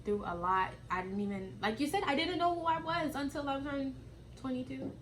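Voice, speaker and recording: A woman's voice: high-pitched, brisk, slight background noise. A woman in her twenties, talking openly and reflectively with her mother. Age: 20s. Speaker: daughter and co-host. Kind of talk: candid family conversation.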